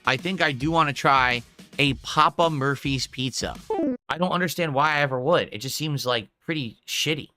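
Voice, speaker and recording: A man's voice: medium pitch, normal speed, pushed and bright, soft background music. A man hosting a stream, ranting in casual chat with an incredulous tone. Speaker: streamer host.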